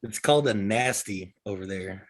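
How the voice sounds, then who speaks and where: A man's voice: fairly low pitch, normal speed. A man chatting casually as a podcast co-host, laid-back, adding facts and laughing along. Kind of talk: casual chat.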